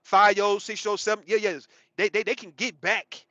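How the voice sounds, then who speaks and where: Man, high bright voice, rambling profane commentary, dry muffled sound. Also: steady tone, brisk, dry recording. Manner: rambling, profane, emphatic, repeats himself. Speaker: commentary channel host. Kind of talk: casual commentary monologue.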